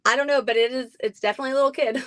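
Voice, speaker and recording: A woman's voice: sits high, fairly even intonation, rapid-fire, fairly bright tone, no echo. A woman who owns a haunted house, chatting casually in an interview with many ums and frequent laughs.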